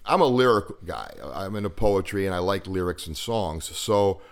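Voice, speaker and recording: A man in his fifties with a very low voice spins stories in an easygoing podcast chat. He rambles and hesitates, filling gaps with fillers as he goes. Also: moderate pace, clean tone. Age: 50s. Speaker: guest. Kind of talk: casual storytelling chat.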